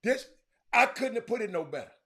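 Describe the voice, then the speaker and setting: A man's voice: sits high, sing-song, a little fast, bright, forceful tone. A middle-aged man hosts a casual sports talk stream, reading viewer comments aloud and often dropping to a mutter. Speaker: sports talk show host.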